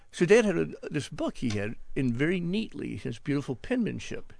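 A man's voice: fairly high pitch, sing-song, brisk, vocal fry, a little mellow. An older man and author, reading his own prose and then chatting on a radio call-in show in a wry, self-deprecating way. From American South. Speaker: guest author. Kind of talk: reading aloud and radio interview chat.

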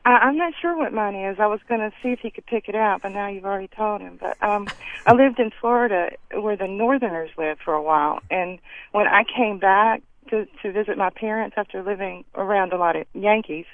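A woman's voice: mid-range voice, a little fast, no room sound. Southern lady caller, chatty, hesitant, muffled phone line. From North Carolina. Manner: hesitant, chatty, laughing easily. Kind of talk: casual chat.

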